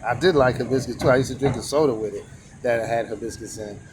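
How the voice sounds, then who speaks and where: A medium-pitched man talks quickly over background noise from his outdoor sidewalk tea stand by a street. His vlog rambles as he casually teaches characters and counts strokes aloud.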